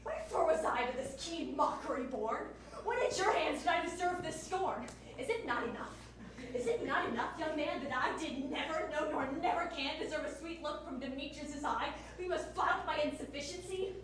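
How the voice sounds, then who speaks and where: Brief: teen actress as a self-pitying jilted maiden, high voice, echoing hall from far off. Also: female voice, normal speed, crowd noise, lightly acted. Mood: wounded. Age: teens. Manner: plaintive, pleading verse delivery. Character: young noblewoman, spurned and self-pitying. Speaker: stage actor. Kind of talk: stage Shakespeare acting. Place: school theater stage. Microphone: distant room mic. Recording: echoey stage from far off.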